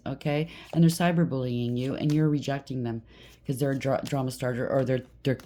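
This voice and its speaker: A woman with a very deep, mellow voice reads tarot bluntly and with heat, often checking in with the listener by saying "okay?" A little hiss or hum runs through the recording.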